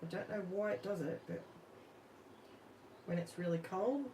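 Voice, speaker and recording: A woman's voice: mid-range voice, unhurried, warm tone, recorded from a distance, low-quality recording. An Australian woman hosting a live crafting stream, chatting casually and thinking aloud while she works, asking viewers questions. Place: home craft room. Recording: off-mic with faint room noise.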